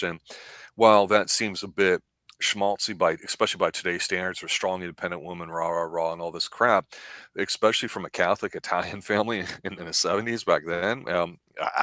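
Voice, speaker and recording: A middle-aged man talks through a film in a loose, rambling way, now and then acting out its lines. His voice sits very low but has a bright, forceful edge, and the sound is dry and close. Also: no echo. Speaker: movie show host. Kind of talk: casual film discussion.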